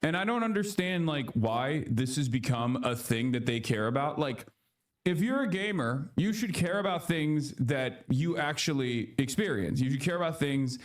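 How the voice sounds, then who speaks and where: A man's voice: on the high side, lively intonation, normal speed. A man riffs on gaming news in casual stream commentary, scornful and mocking. His voice is picked up from some distance, as a clip played back. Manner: dismissive, mocking tone.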